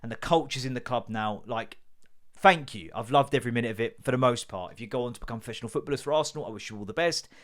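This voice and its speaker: Sweary podcast host, jokey. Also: male voice, mid-range voice, quick pace, fairly bright tone. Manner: sweary, jokey storytelling with mock voices. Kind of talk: casual solo podcast chat.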